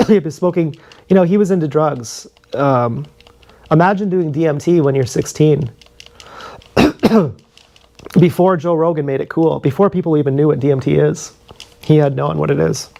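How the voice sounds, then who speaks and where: A man with a slightly high voice tells a story on a live stream, loose and unscripted. He swears freely and trips over his own restarts as he goes. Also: moderate pace, gravelly, long pauses, mellow. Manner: loose, profane, full of fillers and restarts. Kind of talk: rambling casual storytelling. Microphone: streaming camera mic.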